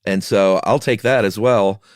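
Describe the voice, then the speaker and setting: A man's voice: lowish voice, unhurried, no room sound, studio quality. A man co-hosting a podcast, retelling a history story in casual chat and acting out the quoted villagers. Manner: animated, acts out quoted townspeople. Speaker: podcast co-host.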